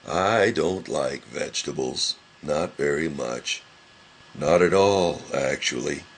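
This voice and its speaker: A man voicing a gloomy old male donkey who speaks slowly and sadly. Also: a bass voice, expressive, slight background noise, voice pushed down, exaggerated voice. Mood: glum. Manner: slow, glum.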